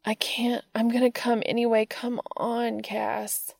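Flustered young man, breathy and pleading, dark-toned, read by a woman. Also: on the high side, little pitch movement, measured pace, dry recording, clean studio sound, voice pushed up.

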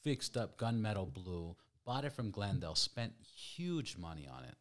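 Man in his thirties, lowish voice, podcast host, casual, swears, animated storyteller. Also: normal speed. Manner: loose, animated anecdotes with swearing.

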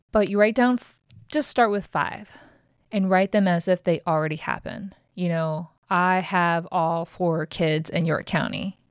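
Frank, chatty woman with a low voice. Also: clean tone, no echo, studio quality. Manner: frank, chatty, swears casually. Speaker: podcast host. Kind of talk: casual motivational chat.

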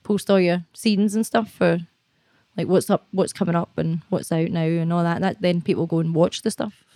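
A woman's voice: fairly low pitch, fairly even intonation, moderate pace, dark tone, dry recording. A young Scottish woman chatting as an interview guest, blunt and sweary, laughing often. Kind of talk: casual interview chat.

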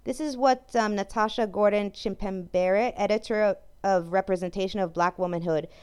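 A woman's voice: medium pitch, fairly even intonation, normal speed, a little mellow, clear, resonant tone. A woman ranting in a heated, profane vlog commentary, often stumbling and restarting her sentences. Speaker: vlogger. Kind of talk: angry commentary rant.

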